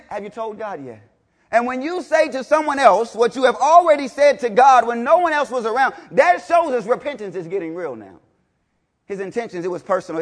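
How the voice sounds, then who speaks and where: A man gives a sermon to a congregation in an emphatic, repetitive style, going back and forth between loud pronouncements and low, intense passages while asking rhetorical questions.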